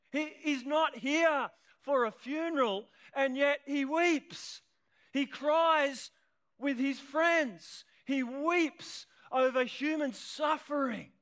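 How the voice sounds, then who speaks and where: A male pastor preaching an impassioned sermon to a church congregation with children present, swelling to shouts at emotional peaks. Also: very high-pitched.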